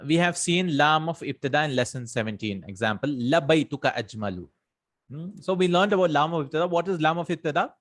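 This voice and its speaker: A man's voice: on the high side, lively intonation, a little fast, fairly bright tone. A man teaching an Arabic grammar lesson, explaining step by step, reading out example sentences and translating them, and often checking in with "right?" and "hmm?".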